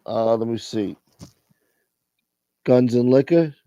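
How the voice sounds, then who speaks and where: A man's voice: medium pitch, takes it slowly, warm tone, dry recording. A man from Brooklyn hosting a live stream, chatting casually with crude jokes. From Brooklyn, New York. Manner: crude and joking. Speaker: show host. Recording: muffled live-stream audio.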